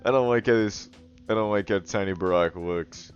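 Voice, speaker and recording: Man, lowish voice, crude joking drawing commentary, self-styled goblin king. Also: animated, normal speed, smooth. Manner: crude, profane jokes and frequent laughing. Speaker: digital artist and video host. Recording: dull lo-fi recording with faint music.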